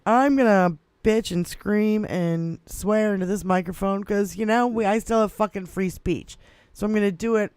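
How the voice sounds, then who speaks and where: A man with a high, clear voice rants and swears through a casual political talk show, laughing often as he goes. The sound is dry and close, with no room around it. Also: dry recording. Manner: swearing, animated, laughing a lot. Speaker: podcast co-host. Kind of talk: profane political rant.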